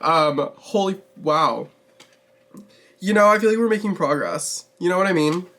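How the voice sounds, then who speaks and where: A man's voice: high-pitched, lively intonation, measured pace, very noisy. A man hosting his own beauty vlog, chatting casually and expressively while doing his makeup, swearing freely and laughing often. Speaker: beauty vlogger host.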